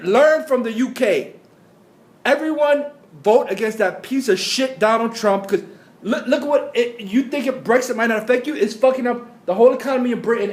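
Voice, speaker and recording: Brief: high-pitched male vlogger, profane blunt rant, echoey room. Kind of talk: ranting commentary.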